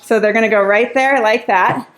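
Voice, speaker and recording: A woman's voice: a little high, steady tone, normal speed, fairly bright tone. A woman Pilates instructor leading a workout class while exercising along, out of breath at times, counting reps and cheering.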